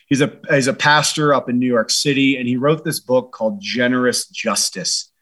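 A man's voice: mid-range voice, moderate pace, a bit bright. A man being interviewed, a former military advisor, talking in an earnest, reflective way with many "you know" and "like" fillers. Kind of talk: reflective conversational storytelling.

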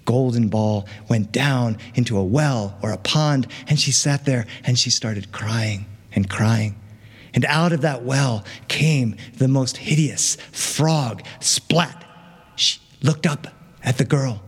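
A man telling a fairy tale live to an audience, animated and chatty with playful asides. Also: mid-range voice, takes it slowly, husky, long reverb tail. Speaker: storyteller. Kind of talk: live oral storytelling.

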